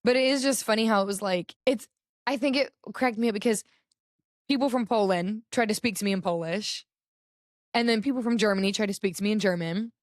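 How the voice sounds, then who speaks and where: A woman's voice: medium pitch, brisk, dry recording, studio quality. A young American woman co-hosting a podcast, chatting casually with lots of filler words. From United States. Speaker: podcast co-host. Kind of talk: casual chat.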